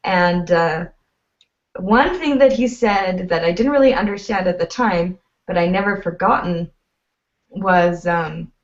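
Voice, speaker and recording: A woman's voice: fairly low pitch, measured pace. A woman guest in a casual chat, telling personal stories with a chatty manner. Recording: distant dull lo-fi sound.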